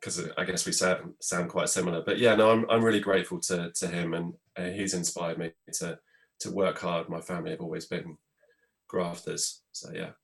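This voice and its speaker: A man who runs a theatre company, talking in a casual panel chat in a measured, reflective way. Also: low-pitched, flat delivery, gravelly. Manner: measured, reflective, says "I guess". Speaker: theatre producer.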